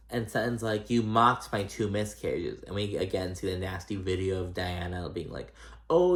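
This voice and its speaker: Chatty man recapping reality TV. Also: fairly low pitch. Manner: chatty, animated, swears freely. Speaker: recap vlogger. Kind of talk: casual chat recap.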